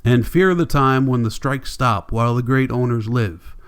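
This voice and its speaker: A man reading a classic novel aloud as an audiobook narrator, measured and deliberate, with long pauses. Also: medium pitch, clean tone. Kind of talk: scripted narration.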